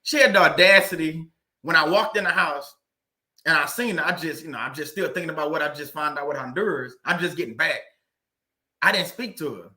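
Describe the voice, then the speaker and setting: Hosting a relaxed livestream, this man tells a story from his own life and responds to viewer comments, laughing a lot and repeating words to stress them. His animated voice is a little high and brisk.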